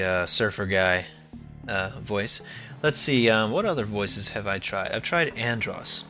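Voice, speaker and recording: A young man hosting a casual podcast, reading listener emails in a halting way with many ums. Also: fairly low pitch, lively intonation, pushed and bright, faint music behind. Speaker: podcast host.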